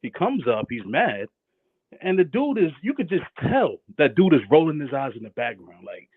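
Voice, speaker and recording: A man's voice: on the high side, very animated, normal speed, slightly rough, no room sound. Laid-back male caller on a phone line. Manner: laid-back, rambling, with frequent fillers. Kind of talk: casual call-in chat.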